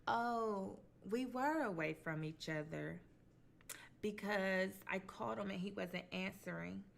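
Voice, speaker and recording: A woman's voice: medium pitch, unhurried, creaky. A woman hosting a mukbang, casually telling a true crime story with blunt, colloquial asides. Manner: chatty, conversational, retells dialogue in quoted voices.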